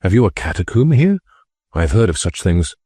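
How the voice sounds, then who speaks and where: A man's voice: low-pitched, animated, normal speed, dark tone, slightly rough, dry recording, clean studio sound. Man voicing a cool, self-assured young heir. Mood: astonished.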